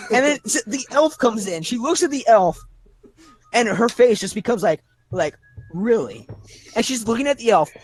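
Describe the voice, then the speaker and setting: A man narrating a tabletop game as game master over a video call, rambling and halting with many fillers. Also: extremely high pitch.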